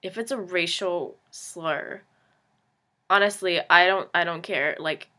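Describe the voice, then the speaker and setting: A woman's voice: on the low side, slow pace, bright, forceful tone. Chatty teen girl saying "like" constantly. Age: late teens. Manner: says "like" constantly, rambling, self-deprecating; frank, sarcastic asides. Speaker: vlogger. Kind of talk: casual confessional monologue.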